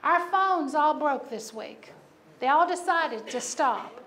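A woman's voice: sits high, expressive, slow, fairly bright tone. A woman pastor preaching a sermon, telling a personal story with humor and emphatic repetition.

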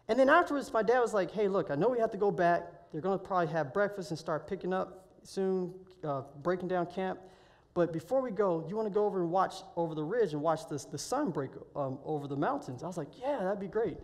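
A man preaching a week-of-prayer sermon, telling a personal testimony in an animated storytelling way that swells loud when excited. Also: sits high, quick pace. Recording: long hall reverb.

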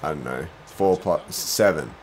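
A young man streaming a basketball video game, commenting live, groaning at his own mistakes and bursting into shouts. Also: rumbling low, unhurried, a little hiss or hum. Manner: excitable, groaning, self-deprecating, bursts into shouts. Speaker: gaming streamer.

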